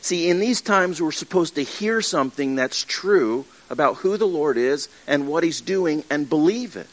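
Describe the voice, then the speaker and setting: With lively intonation and a voice on the high side, a man preaches at normal speed to his congregation. He is the pastor of a church with a livestream, and his earnest, conversational sermon is full of restarts and acted asides.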